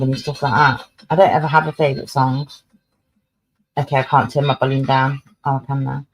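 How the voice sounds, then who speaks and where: A woman's voice: a bass voice, a little fast, slight background noise, low-quality recording. A woman casually chatting on her livestream, swearing freely and scolding her cat as she talks. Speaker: livestream host.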